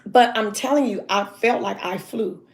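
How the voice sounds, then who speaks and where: A woman's voice: medium pitch, normal speed, over a noisy crowd. A middle-aged woman from Southern California, a guest telling a vivid, dramatic story in an interview. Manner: vivid, dramatic, acts out voices. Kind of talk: animated storytelling.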